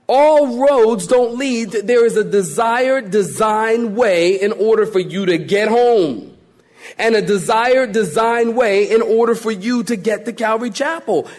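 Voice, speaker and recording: A male pastor delivering a sermon, animated and joking, acting out quoted voices as he preaches. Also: high voice, unhurried.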